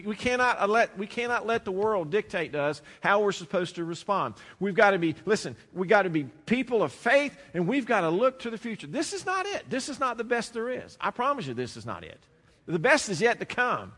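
Emphatic preacher in a reverberant hall. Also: male voice, high-pitched. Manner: swings from loud and emphatic to quiet and intimate. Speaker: pastor. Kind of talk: sermon. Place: church sanctuary. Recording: long reverb of a large hall.

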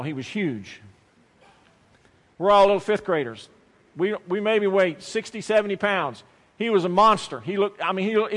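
A man's voice: high voice, a bit bright, long reverb tail. A man preaching a sermon, telling a childhood story with emphatic repetition and acted-out quotes.

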